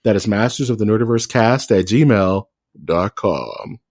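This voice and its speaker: A man's voice: fairly low pitch, moderate pace, a little mellow. A man co-hosting a podcast in loose, joking casual chat, with many restarts. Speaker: podcast co-host.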